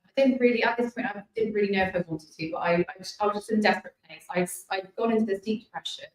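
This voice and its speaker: A British woman in her thirties telling her personal health story in an emotional, halting way, often apologizing as she talks. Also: medium pitch. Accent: British English. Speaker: guest sharing a healing story. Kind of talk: personal testimony. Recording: echoey distant room sound.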